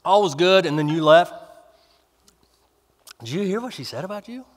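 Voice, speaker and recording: Sly tempter spirit, wheedling and gossipy, put on by a male preacher; fairly high voice, long hall reverb. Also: expressive, moderate pace. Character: sly whispering tempter spirit, smooth and sneaky.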